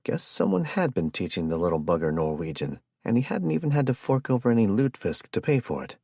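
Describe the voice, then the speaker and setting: A male audiobook narrator with a very deep, husky voice and steady delivery. The recording is dry and close, with no room sound. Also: quick pace, no room sound. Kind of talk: scripted narration.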